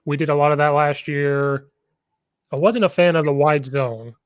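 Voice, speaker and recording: A man's voice: a little high, fairly even intonation, moderate pace, smooth, dry recording. A man hosting a podcast and chatting casually about coaching football, telling rambling stories with a lot of enthusiasm.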